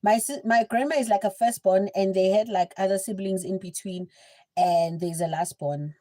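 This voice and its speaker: A young woman with a South African accent, telling a story in a chatty, animated livestream style. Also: medium pitch, moderate pace. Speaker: livestream host. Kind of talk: casual storytelling.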